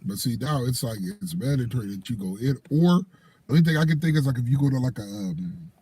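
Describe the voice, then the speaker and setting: A man, telling animated stories in casual chat and acting out the voices of the people in them. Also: medium pitch, fast talker, husky. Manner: animated storyteller acting out quoted voices, laughing often. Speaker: co-host.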